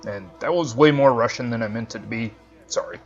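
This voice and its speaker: A man's voice: mid-range voice, fairly quick, faint music behind. A man hosting a let's play, giving chatty, friendly commentary on the game. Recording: slightly dull, muffled recording.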